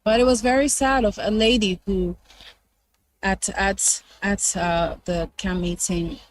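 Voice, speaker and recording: A woman presenter sharing a ministry testimony in conversational style, animated when she quotes others, with frequent hesitant fillers. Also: medium pitch, a little slow, a little hiss or hum, poor audio.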